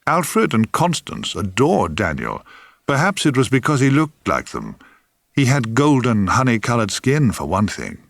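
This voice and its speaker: A man reading his own memoir aloud in a wry, theatrical way, sometimes dropping to a hush. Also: mid-range voice, no echo, clean studio sound. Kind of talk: audiobook memoir narration.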